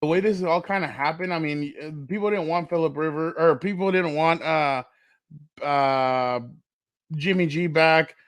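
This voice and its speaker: A man with a fairly high voice co-hosts a casual sports chat, recorded close and dry. He talks with animated energy and loves spinning playful what-if scenarios. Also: normal speed, clean tone, no echo. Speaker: podcast co-host.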